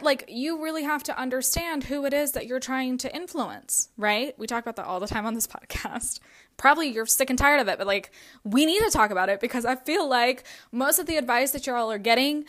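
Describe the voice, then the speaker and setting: A woman's voice: a little high, fairly bright tone. A woman hosting a podcast, giving advice in a casual, conversational way with lots of fillers. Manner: casual, conversational, frequent "like" and "you know". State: has the hiccups. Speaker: podcast host. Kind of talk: solo podcast advice talk.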